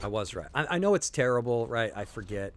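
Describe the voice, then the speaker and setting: Middle-aged male streamer, casual game chat, lively swinging pitch, self-mocking and rambling. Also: fairly quick, slight background noise. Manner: chatty, rambling, self-deprecating, cheering on the game. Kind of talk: casual gameplay commentary.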